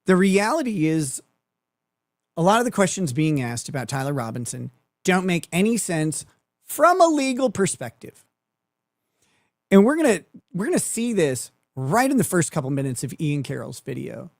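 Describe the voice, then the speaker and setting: A man's voice: fairly high pitch, sing-song, normal speed, creaky, no room sound. A man riffing through a mocking commentary, with a voice that swings widely up and down as he talks. He is sarcastic and profane, and he laughs often. The sound is dry, close and plain. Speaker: commentary show host.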